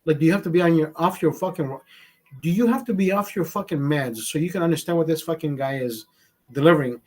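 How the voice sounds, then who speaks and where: With a fairly high, darkish voice and a quick pace, this livestream host rambles through profane, casual chat with his viewers, broadcasting from a home setup in California.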